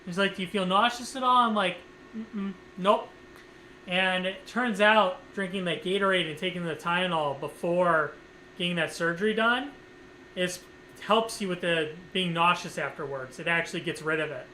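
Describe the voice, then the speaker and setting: High, bright-voiced man rambling casually. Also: normal speed, a little hiss or hum, low-quality recording. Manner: rambling, full of "like" fillers and swearing. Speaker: streamer. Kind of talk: casual storytelling to camera.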